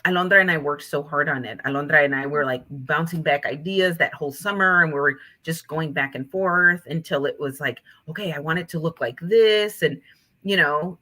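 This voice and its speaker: A woman, an author and teacher, telling animated stories in an interview and acting out what her students said. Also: low-pitched, a little fast. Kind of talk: conversational interview storytelling.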